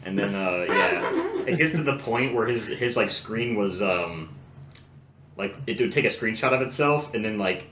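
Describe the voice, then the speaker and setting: A man's voice: on the low side, wildly swooping pitch, normal speed. Young man, podcast co-host, rambling storyteller, swears, echoey room, faint noise. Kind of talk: casual chat.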